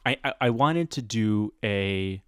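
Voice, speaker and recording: A man hosting a podcast, telling a lively casual story about the class he teaches, laughing often and acting out the voices of the people he quotes. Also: on the low side, slow pace, clean tone, dry recording, clean studio sound. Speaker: podcast host.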